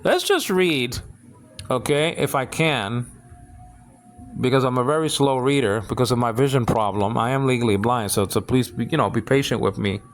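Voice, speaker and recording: Male teacher leading a relaxed Bible Greek lesson; stop-start delivery with many restarts. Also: medium pitch, slight background noise. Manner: halting, full of restarts and repeated words; keeps asking "you understand what I'm saying?".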